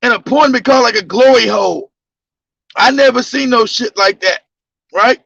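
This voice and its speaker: Man, podcast storyteller, bright husky voice, rowdy and profane. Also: extremely high pitch, normal speed, dry recording. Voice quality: gravelly. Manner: loud, laughing, profane storytelling with bursts of shouting. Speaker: podcast host telling a story. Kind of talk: casual storytelling. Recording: dull lo-fi dry sound.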